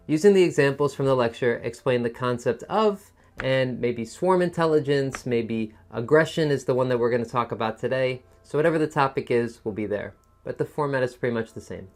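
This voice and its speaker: A man teaching an online test-prep lesson, with a musical voice that rises and falls, a soft tone, and a pace that speeds up and slows down for emphasis. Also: mid-range voice. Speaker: TOEFL teacher.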